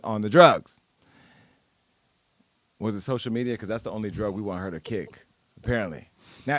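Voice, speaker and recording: A man's voice: mid-range voice, no room sound. A man hosting a podcast in casual, playful chat, laughing and cursing as he talks. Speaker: podcast host.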